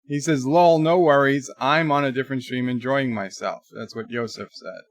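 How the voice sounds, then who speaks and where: A man's voice: medium pitch, normal speed, fairly bright tone, no echo. Man hosting a live stream, dry close sound. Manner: rambling, reads viewer chat aloud, frequent restarts. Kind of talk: casual live-stream chat.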